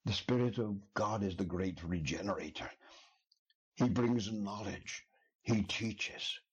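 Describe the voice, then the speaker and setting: A man's voice: fairly low pitch, slow, slightly rough. A man preaching an expository sermon in an earnest, emphatic way, building his points with repeated questions. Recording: dull lo-fi sermon recording.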